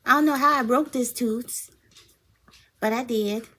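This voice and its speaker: A woman voicing her small, chatty female pet dog in a high, cutesy baby-talk voice. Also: unhurried, bright, forceful tone. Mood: sweetly sorry.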